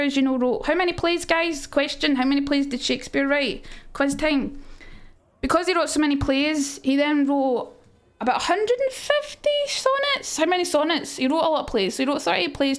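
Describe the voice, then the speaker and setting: Livestreaming a loose, rambling lesson on Shakespeare, a young Scottish woman keeps stopping to reply to messages in chat. Her voice is pitched high.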